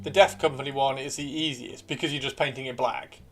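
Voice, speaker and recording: A man's voice: medium pitch, fairly even intonation, a little fast, a bit bright. Man, livestream host, chatty, playful, swears, repeats himself, light music underneath. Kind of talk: casual livestream chat, reading out viewer comments.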